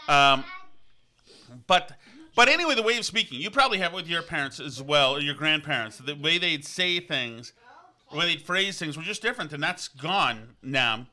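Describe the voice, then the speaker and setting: A man's voice: fairly high pitch, animated, normal speed, sharp tone. A man from Vermont hosting a podcast, talking in a casual, digressive way with frequent restarts and fillers. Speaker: podcast host. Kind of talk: casual rambling monologue. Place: on location, indoors.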